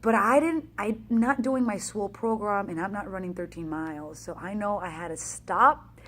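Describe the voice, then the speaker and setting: Chatty woman coach, mid-pitched voice, telling a race story with lots of energy. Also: normal speed, slight background noise. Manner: energetic and chatty, acting out quoted exchanges. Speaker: fitness coach. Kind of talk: casual motivational storytelling.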